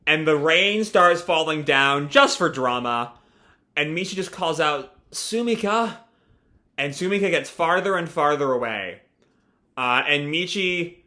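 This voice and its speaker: Brief: young male reaction host, casual and rambling, bright and forceful tone, slightly high. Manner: casual, rambling, many fillers. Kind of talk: live reading and reaction.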